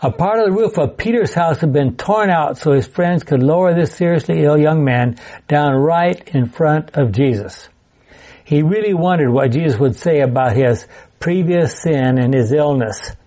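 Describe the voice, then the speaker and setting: A man's voice: on the high side, normal speed, mellow, muffled recording. A man leading a Bible study class, chatty and digressive, with laughing asides as he teaches.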